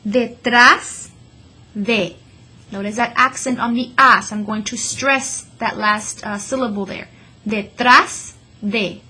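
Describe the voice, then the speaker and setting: A woman teaching a Spanish vocabulary lesson to students, slowing down to say each word clearly and repeating it for them to echo. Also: mid-range voice, fairly even intonation, sharp tone. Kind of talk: classroom lesson.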